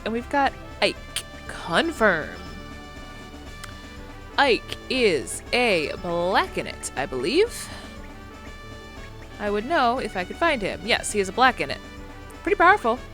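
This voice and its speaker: A woman's voice: mid-range voice, very animated, measured pace, music in the background. A woman giving casual, rambling commentary as she plays through a video game. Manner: chatty, rambling, lots of fillers. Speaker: video game let's player.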